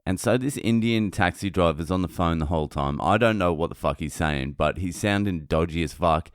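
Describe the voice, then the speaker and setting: A male comedian hosts a podcast, telling a blunt, animated, heavily profane story into a close mic. His low voice is clear and resonant, fairly quick, and the recording is dry.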